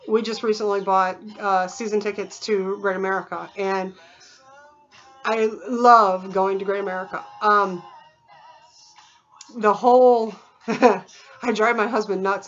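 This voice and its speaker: A woman's voice: medium pitch, steady tone, a little slow, long pauses, fairly bright tone, lo-fi sound, faint music behind. A woman vlogging in a casual, rambling way, full of fillers and imitated sounds. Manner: chatty, digressive, with many fillers and imitated sounds.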